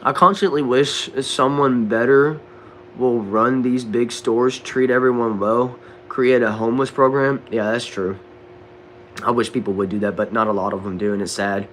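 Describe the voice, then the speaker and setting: A man's voice: mid-range voice, steady tone, moderate pace, a bit bright, a little hiss or hum. Laid-back Southern man chatting with viewers. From Texas. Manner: laid-back, drawling, says bro and dude a lot. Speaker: livestream host reading chat. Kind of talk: casual livestream chat. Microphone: desk microphone.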